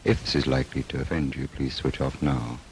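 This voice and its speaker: A man's voice: a bass voice, steady tone, brisk, a little hiss or hum. A man reading a solemn scripted warning like an old tape announcer.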